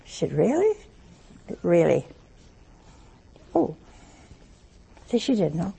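An older woman delivers a chatty, homespun sermon, slipping into different voices as she tells her stories. Her voice is gravelly and a little husky. Her tone stays dark and mellow, though she sits fairly high for a woman. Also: lively intonation, slow. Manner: folksy, chatty, acts out dialogue in different voices. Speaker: religious speaker. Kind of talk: storytelling sermon.

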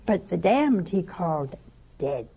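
Woman, spiritual teaching, animated storyteller, mellow tone, raspy and creaky. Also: fairly low pitch, slow pace, low-quality recording. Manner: lively storytelling, acting out quoted voices. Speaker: religious teacher.

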